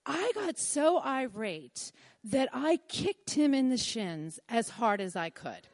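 Animated high-voiced Philly woman storyteller. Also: slow, no room sound. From Philadelphia. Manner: animated, acts out her own and others' lines. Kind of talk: live personal storytelling.

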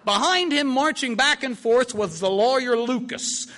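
An older man telling a vivid personal story in an animated, repetitive way. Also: very high voice, a little slow. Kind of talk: spoken storytelling.

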